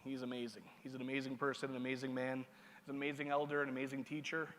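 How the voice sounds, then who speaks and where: A man's voice: medium pitch, monotone, very fast, a bit bright, a little hiss or hum. A man giving conference opening remarks as master of ceremonies, casual and joking, checking in with the audience. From Seneca Nation. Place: large conference hall. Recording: hall reverb.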